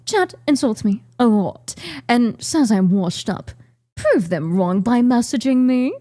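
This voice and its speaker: A woman putting on a smug young British man, speaking in a posh, mock-proper drawl. The voice is pitched lower than her own and rolls along in a deadpan, mocking tone. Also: unhurried, no room sound, studio quality. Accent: put-on British.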